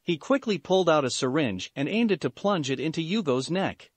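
A man narrating a fan fiction story in a plain, steady reading voice. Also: on the high side, brisk, breathy edge, dry recording.

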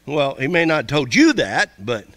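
Bright-voiced folksy male pastor preaching. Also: a little high, very animated, no echo. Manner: folksy, repetitive preaching with quick asides. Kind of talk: sermon.

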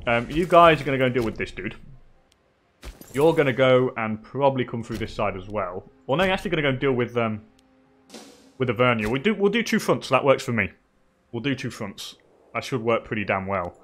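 An English man giving relaxed live commentary on a strategy game, chatting with viewers and laughing often. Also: mid-range voice. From England. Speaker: streamer.

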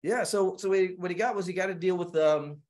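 An animated man tells stories as a podcast guest, stumbling over repeated words and acting out what others said. His voice sits fairly high for a man. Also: a little fast. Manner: animated, with many repeated words and acted-out quotes. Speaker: guest screenwriter. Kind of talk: casual storytelling on a podcast.

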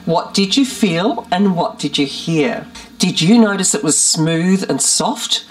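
A woman vocal coach giving a clear, methodical lesson and explaining each step carefully. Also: on the low side, animated, slow pace. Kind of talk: scripted teaching.

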